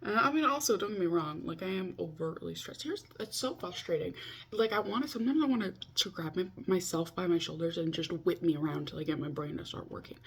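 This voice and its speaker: A woman in her twenties talks to camera over a video call in a loose, confessional vlog. Her voice sits a little low and comes out husky and breathy, and she pokes fun at herself as she rambles. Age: 20s. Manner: chatty, self-mocking, talks to herself. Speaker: vlogger.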